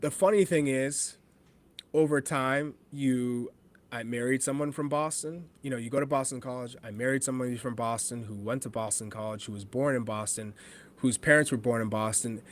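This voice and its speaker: A man from New Hampshire who is a former pro soccer forward, talking as a podcast guest in a casual, animated way and quoting himself as he tells stories. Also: mid-range voice, moderate pace. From New Hampshire, USA. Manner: animated storyteller, laughs often, quotes himself. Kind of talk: casual podcast chat, storytelling.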